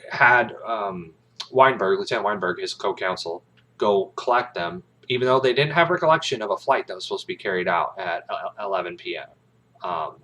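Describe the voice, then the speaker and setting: Rambling man with a lively voice. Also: low-pitched. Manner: rambling, with many fillers and restarts. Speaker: aspiring actor. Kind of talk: casual movie retelling.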